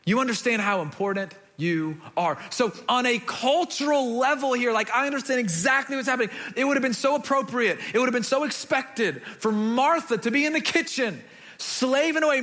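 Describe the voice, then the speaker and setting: A man preaching a sermon, telling stories with animated delivery and acting out the people he quotes. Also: very high voice. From United States. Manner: animated storytelling, acts out quoted voices. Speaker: pastor.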